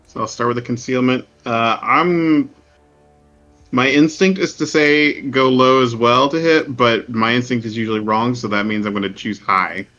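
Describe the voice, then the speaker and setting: A man's voice: mid-range voice, pushed and bright, faint music behind. A man playing a tabletop game, joking around and talking through his moves. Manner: jokey, quick to laugh. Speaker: player. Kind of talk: casual tabletop play. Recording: slightly dull lo-fi audio.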